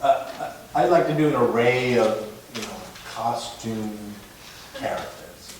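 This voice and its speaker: A man on a convention panel, telling stories in a halting, rambling way with lots of fillers and laughs, into a mic held away from his mouth. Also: mid-range voice. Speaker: actor on a fan convention panel. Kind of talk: casual panel Q&A storytelling. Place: large echoey convention hall. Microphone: handheld mic held away from the mouth. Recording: echoey hall, voice from far off, background noise.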